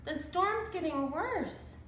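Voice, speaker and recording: A woman's voice: very high voice, animated, slow, a bit bright, reverberant, slight background noise, voice pushed up, heavily acted. A woman voicing an insistent, impatient young girl in a storybook reading.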